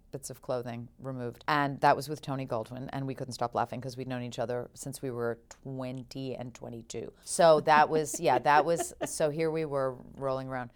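A woman with a Mid-Atlantic American accent, an actress telling animated stories in a casual podcast chat. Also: extremely low pitch, clear, resonant tone. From United States. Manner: animated storyteller, frequent restarts. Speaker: actress guest.

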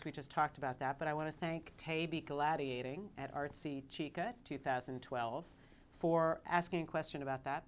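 A woman's voice: low-pitched, slight background noise. A woman hosting a podcast, chatting casually with guests, teasing and laughing often. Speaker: podcast host. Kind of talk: casual chat.

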